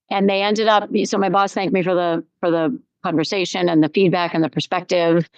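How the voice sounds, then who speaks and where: A woman's voice: fairly low pitch, fairly even intonation, fairly quick, few pauses, clear, resonant tone, no room sound, low-quality recording. A middle-aged woman hosting a solo podcast, telling a personal story in a conversational way and repeating phrases for emphasis. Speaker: podcast host.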